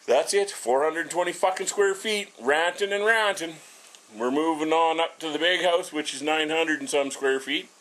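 A man's voice: on the high side, moderate pace, a bit bright. A middle-aged man rambling and swearing nonstop while he shows off his small house and cooks. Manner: blunt, swears constantly, rambling. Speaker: vlogger. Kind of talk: casual profane ranting vlog.

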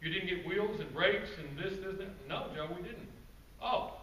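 A man giving a guest-speaker presentation to a club audience, telling stories in a relaxed, conversational way with asides to the crowd. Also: high-pitched, normal speed. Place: meeting room with an audience. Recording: roomy, distant, faint background noise.

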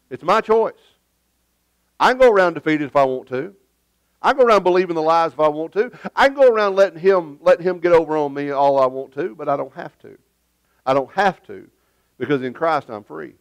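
Emphatic pastor preaching. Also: male voice, on the high side, no echo. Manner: emphatic, conversational, joking asides. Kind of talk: sermon. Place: church sanctuary.

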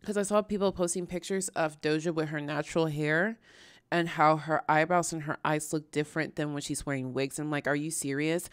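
Woman, casual reaction host, lowish voice, dry close sound, rambling and exasperated. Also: steady tone, fairly quick, smooth, no echo. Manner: chatty, exasperated, lots of fillers and restarts.

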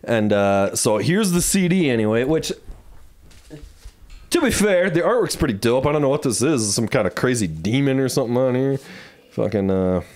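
A man hosting a podcast, telling a long story in loose, profane casual chat full of fillers, his voice jumping up high when he quotes people. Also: expressive, normal speed, a little mellow. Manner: jumps high in pitch when quoting others. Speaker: podcast host.

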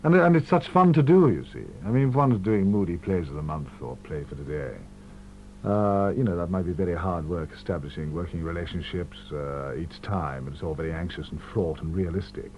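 A man with a low, richly varied voice swoops from deep murmurs to bright, eager peaks as he spins anecdotes for a radio interview. The sound is dull and muffled, an old 1970s broadcast archive with faint hum behind. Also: brisk. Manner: expansive, animated storytelling. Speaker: actor as interview guest.

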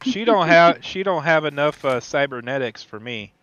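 Player: man, lively bright voice, wisecracks, dull lo-fi audio. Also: on the high side, normal speed. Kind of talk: casual tabletop role-play chat. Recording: dull lo-fi recording.

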